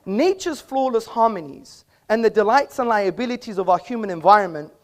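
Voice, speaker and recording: A man's voice: high voice, lively intonation, brisk. Combative man in a formal debate. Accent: British. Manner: combative, pointed, quotes sources at length. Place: auditorium with an audience.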